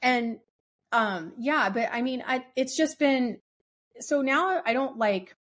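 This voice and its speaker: A woman's voice: sits high, takes it slowly, a bit bright. A woman co-hosting a podcast, telling a long story in casual chat. She laughs often and rambles with lots of "like" fillers. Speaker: podcast co-host.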